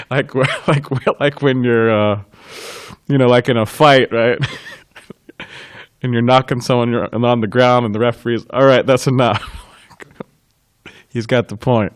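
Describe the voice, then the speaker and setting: A man giving a devotional class, recounting a memory with frequent chuckles and halting restarts. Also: medium pitch, fairly even intonation, clean tone, no room sound. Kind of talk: reminiscing in a scripture class.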